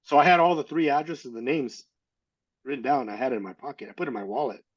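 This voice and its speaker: Man, mid-pitched voice, casual storytelling, muffled recording. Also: fast, slightly rough. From California, USA. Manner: acts out quoted people in his story. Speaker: interview guest.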